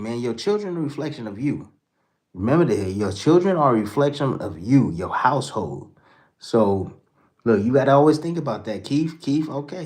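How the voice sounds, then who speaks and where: A man hosting a boxing show, chatting casually with his viewers and reading out their comments in a slangy, animated way, exclaiming and swearing freely. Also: mid-range voice.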